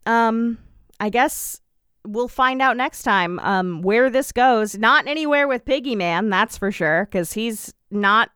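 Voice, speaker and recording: A woman's voice: on the high side, expressive, takes it slowly, a bit bright, clean tone, dry recording. A woman co-hosting a podcast, recapping an episode in a dry, sarcastic way with frequent ums. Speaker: podcast co-host. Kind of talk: casual recap chat.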